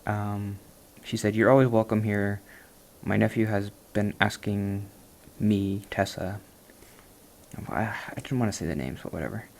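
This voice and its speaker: A man's voice: on the low side, fairly even intonation, unhurried, gravelly, darkish tone. A man chatting casually while he plays, rambling and self-deprecating. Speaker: gaming vlogger.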